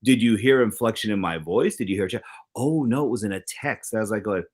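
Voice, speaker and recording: A middle-aged man co-hosting a talk show in casual chat, animated, acting out quoted exchanges with big swings in his voice. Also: lowish voice, fast, slightly rough. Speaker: co-host.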